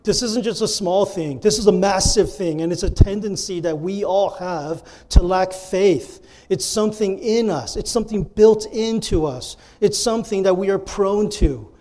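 A pastor preaching a sermon with earnest delivery, addressing the congregation and repeating key phrases for emphasis. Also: male voice, high-pitched, normal speed, few pauses, dark tone.

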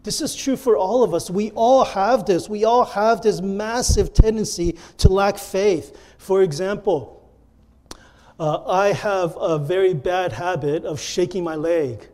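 A man's voice: high-pitched, unhurried, warm tone. A male pastor preaching a sermon and acting out the lines he quotes with earnest emphasis.

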